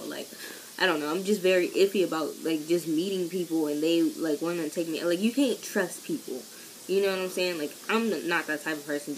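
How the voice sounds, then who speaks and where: A young woman chats through a story for her vlog in a lowish voice. She is lively and animated, and her pitch leaps whenever she acts out what someone said. Faint noise sits in the background. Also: low-quality recording. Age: young adult. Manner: chatty and animated, acting out quoted voices with big pitch jumps. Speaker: vlogger.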